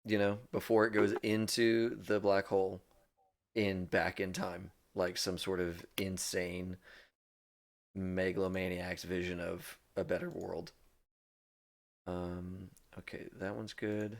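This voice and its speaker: A man's voice: low voice, level tone, slow, gravelly. A man chatting effusively on a charity game stream, laughing often as he sorts through the giveaway list. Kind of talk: casual chat on a charity stream.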